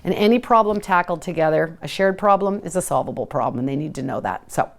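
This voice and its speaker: A middle-aged woman giving a live parenting talk as host, lively and at times sing-song when she shows how to talk to kids. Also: deep voice, fast. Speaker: parenting educator hosting a live session.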